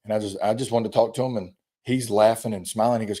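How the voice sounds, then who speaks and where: This high school football coach talks in a relaxed, rambling way, voicing his players' quotes as he tells stories. He has a low, mellow, husky voice and speaks quickly.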